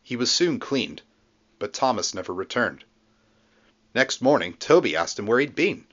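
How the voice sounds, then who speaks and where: A man narrating a children's storybook aloud in a lively, expressive reading. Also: medium pitch, moderate pace, lo-fi sound. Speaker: storybook reader.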